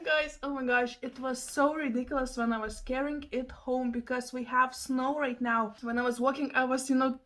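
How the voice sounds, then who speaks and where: Excitable high-voiced young woman vlogging. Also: normal speed, few pauses. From Lithuania. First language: Lithuanian. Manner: excitable, laughing, exclaiming to viewers. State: out of breath. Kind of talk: casual vlog chat to camera.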